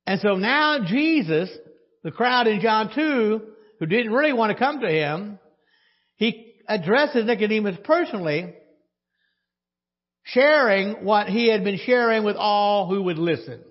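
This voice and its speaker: Husky high-voiced preacher. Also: male voice, expressive, unhurried, lo-fi sound. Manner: teaching, asks the congregation questions and answers them. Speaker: pastor. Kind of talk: sermon.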